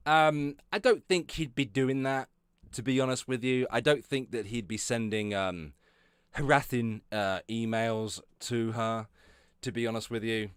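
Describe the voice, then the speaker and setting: A man's voice: mid-range voice, fairly bright tone, clear, resonant tone, dry recording, studio quality. Sarcastic, foul-mouthed male streamer. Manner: sarcastic, swears constantly, often laughs and trails off. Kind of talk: profane live-stream commentary.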